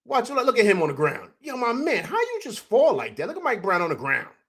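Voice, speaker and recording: A young adult man runs a casual postgame livestream, reacting to highlights and shouting out viewers. His voice sits a little high and swings widely as he gets excited. He leans on a steady stream of conversational fillers. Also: brisk, breathy edge. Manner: excited, animated, repeats "man" and "you know what I'm saying". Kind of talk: casual sports commentary over highlights.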